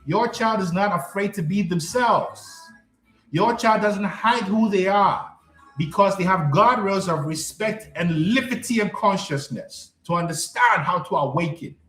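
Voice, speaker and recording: A man's voice: sits high, a little slow, a bit bright, reverberant, faint music behind. A man coaching on a live stream, answering chat in an emphatic, repetitive way and often checking that listeners follow him.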